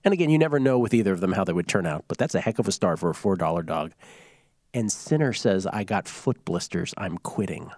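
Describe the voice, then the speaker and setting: A man hosting a casual sports betting chat, joking and telling stories. His pitch swings widely as he talks, and the sound is dry and close. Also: quick pace, no echo. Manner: joking, animated storytelling. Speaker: sports betting show host.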